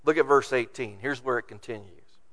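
A man's voice: medium pitch, brisk, fairly bright tone. A man preaching a sermon, reading scripture aloud and acting out the complaints of the people. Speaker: pastor.

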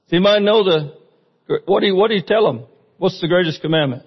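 A man preaches a sermon in a church, his voice a little higher than most men's. He talks in a plain, conversational way and keeps putting questions to the congregation. The recording sounds muffled, and a long reverb trails off in the hall. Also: fast talker, breathy edge. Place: church sanctuary.

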